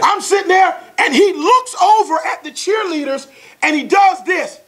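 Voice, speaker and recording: A man's voice: very high-pitched, lively intonation, normal speed, a bit bright. A man in his forties giving a motivational talk, telling a family story in a folksy, chuckling, exclamatory way. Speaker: motivational speaker. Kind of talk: animated storytelling talk to an audience.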